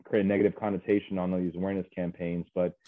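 A man speaking as a guest in an interview, earnest and halting, with many fillers and restarts. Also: deep voice, level tone, no room sound. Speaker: guest, mental health specialist. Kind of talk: casual interview chat. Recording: dry, tinny phone-like line.

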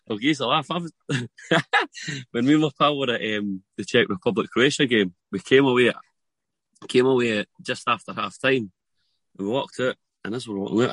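A Scottish man chatting on a podcast, telling animated anecdotes. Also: medium pitch, a little fast, husky, dry recording. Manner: animated storytelling with laughs. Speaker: podcast guest. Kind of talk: casual podcast chat.

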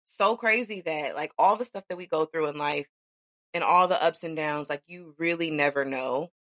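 A woman's voice: sits low, normal speed, fairly bright tone, no echo. A woman co-hosting a podcast, talking in a supportive, conversational way in a casual chat, with frequent "like". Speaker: podcast co-host.

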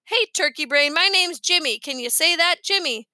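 A woman voicing a shrill exasperated young boy. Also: animated, normal speed, sharp tone, dry recording, clean studio sound, full character voice. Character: excitable young boy, fast-talking.

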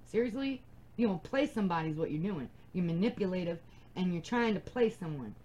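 A woman's voice: fairly low pitch, lively intonation, brisk, dark tone, low-quality recording. A young adult woman hosting a casual advice podcast, talking bluntly and emphatically and swearing freely. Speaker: podcast host.

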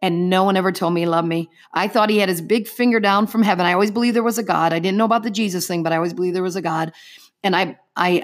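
Appearing as an interview guest, a middle-aged woman shares an earnest testimony of her faith, recounting it vividly in the present tense. Her voice sits on the low side.

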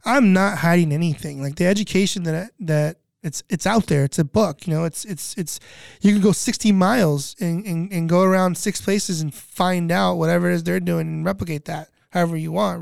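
A man's voice: high-pitched, vocal fry, no room sound, clean studio sound. A middle-aged man telling stories casually as a guest, rambling with lots of filler words and restarts, sometimes swearing. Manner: animated, swearing. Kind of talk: casual storytelling.

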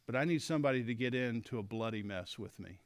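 A middle-aged man teaching a Bible lesson to men, animated and acting out quoted lines. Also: mid-range voice, quick pace, dry recording. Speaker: men's leadership teacher.

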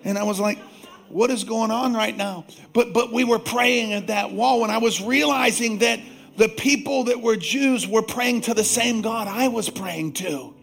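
A male pastor preaching a sermon, calling out to the congregation for responses and slowing down to stress scripture. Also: high-pitched, creaky, fairly bright tone. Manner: slows down to stress scripture lines.

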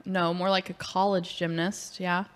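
A young woman co-hosting a casual hot sauce tasting, chatty and quick to laugh. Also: fairly low pitch, little pitch movement. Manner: chatty, giggly. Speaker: co-host. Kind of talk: casual chat.

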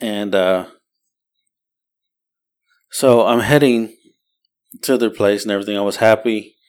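A man's voice: fairly low pitch, measured pace. A man, co-hosting a podcast and telling a rambling, profane story in casual chat. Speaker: podcast co-host.

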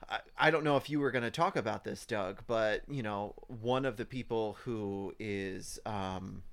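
Man, podcast co-host, gravelly fry, halting delivery with lots of ums. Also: fairly low pitch, fairly bright tone. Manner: hesitant, many ums, looks things up. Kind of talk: casual film review chat.

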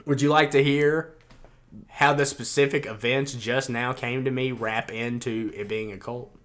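A young man in casual chat, telling a wild dream in an animated way, acting out the voices and swearing freely. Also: mid-range voice, measured pace. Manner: animated storyteller, acts out quotes, swears freely.

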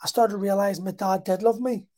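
A man talks casually through a deeply personal story. His voice is mellow and warm. He stops and restarts often in a halting, emotional way. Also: steady tone.

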